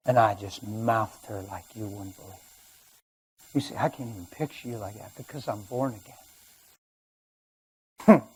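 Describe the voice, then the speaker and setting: Husky man preaching a testimony. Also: fairly low pitch, moderate pace, pauses often, low-quality recording. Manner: storytelling, swings from hushed to loud. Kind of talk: sermon testimony. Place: church or studio.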